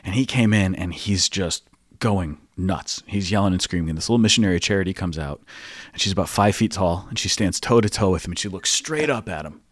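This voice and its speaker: Man, priest, podcast host, low voice, dry close mic, animated storyteller who laughs often. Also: fairly quick, no echo. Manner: animated anecdotes, frequent laughter. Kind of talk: casual storytelling.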